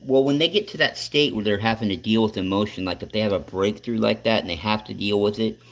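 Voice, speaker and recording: A man's voice: on the low side, quick pace. A man hosting a casual talk show, asking long rambling questions that restart and drift, with some swearing. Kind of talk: casual interview chat.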